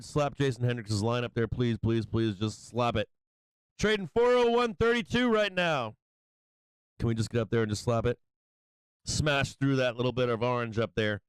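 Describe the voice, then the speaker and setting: A man hosting a live stock market stream, calling prices in an excitable, hyped way and chuckling often. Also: on the high side, clear, resonant tone, no echo, low-quality recording. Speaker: stock market livestream host. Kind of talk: live trading commentary.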